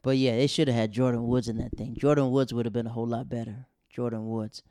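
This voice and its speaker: A young man hosting a podcast, telling funny stories casually and acting out quotes in loud raised voices. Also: mid-range voice, little pitch movement, fast talker, clear, resonant tone, no room sound, studio quality. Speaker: podcast host. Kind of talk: casual comedic storytelling.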